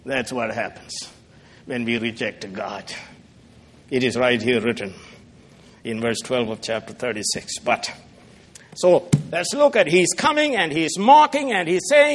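A middle-aged man preaching a sermon, swinging from loud, pointed rebuke to hushed, quiet asides. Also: on the high side, expressive, a little slow. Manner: dramatic, swings from loud rebuke to soft murmurs.

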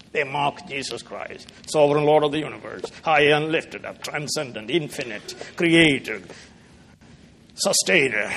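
A middle-aged man preaching a sermon, swinging from loud, pointed rebuke to hushed, quiet asides. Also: fairly high pitch, a little hiss or hum. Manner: dramatic, swings from loud rebuke to soft murmurs.

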